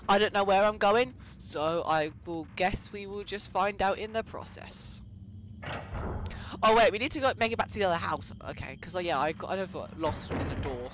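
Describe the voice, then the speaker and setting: Slight background noise sits behind this young man's high, somewhat bright voice. He's a let's play gamer giving loose, joking gameplay commentary and answering back to the ghosts on screen.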